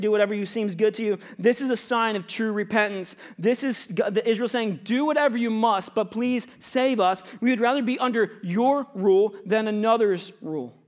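A man in his thirties, a youth pastor preaching a sermon in a conversational, storytelling way. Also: high voice. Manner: conversational, storytelling preacher who acts out little scenes; often drops to quiet, hushed tones in anecdotes. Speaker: pastor of students and young adults.

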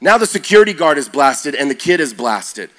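A man preaching to young people, telling stories with rising energy and shifting to a slow, quiet prayer. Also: a little high. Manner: energetic, builds to loud excited peaks; slow and quiet when praying. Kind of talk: sermon storytelling.

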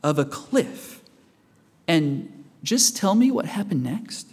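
A man's voice: on the high side, sing-song, slow pace, darkish tone, breathy edge, exaggerated voice. A man playing an incredulous questioner who demands an account, in a sermon skit. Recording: reverberant church hall.

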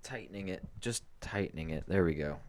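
A man's voice: low voice, brisk. A man co-hosting a podcast in casual chat, rambling and apologetic, with lots of filler words. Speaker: podcast co-host.

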